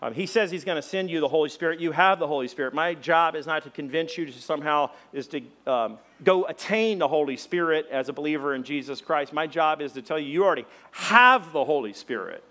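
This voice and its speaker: A middle-aged man preaching a sermon to his congregation, with folksy, conversational talk full of fillers, acting out the shouted quotes in his stories. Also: fairly high pitch, brisk, hardly any pauses. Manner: animated storyteller, acts out loud shouted quotes. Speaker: pastor. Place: church sanctuary before a congregation.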